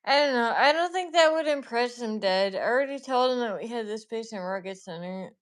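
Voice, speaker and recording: A woman's voice: on the high side, expressive, a little fast. A young woman from Alabama with a light Southern accent, chatting casually on a live stream and passing along her father's remarks. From Alabama, USA. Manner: relays her father's remarks, laughs often. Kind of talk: casual chat.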